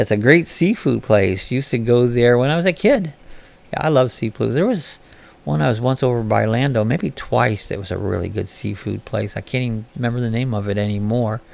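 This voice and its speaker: A man with a gravelly, creaky voice hosts a relaxed live-stream chat, reading out viewers' comments and answering them one by one. He talks at a middle pitch in a loose, chatty way. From Florida.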